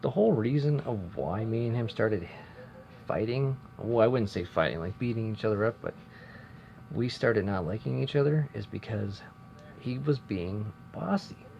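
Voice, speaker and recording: A man's voice: on the low side, expressive, normal speed, vocal fry, a little mellow. A young man rambling casually through a story from his old job, chatty and self-interrupting. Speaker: vlogger. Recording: dull lo-fi sound with faint noise.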